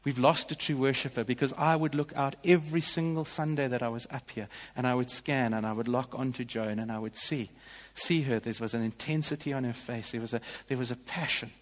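A man's voice: mid-range voice, steady tone, brisk, hardly any pauses. Earnest male pastor preaching in a hall. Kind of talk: sermon. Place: church.

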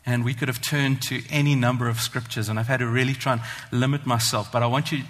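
A man preaching a sermon, earnest and emphatic, slowing down to stress the scripture he reads. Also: mid-range voice, steady tone, fairly bright tone, a little hiss or hum. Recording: long hall reverb.

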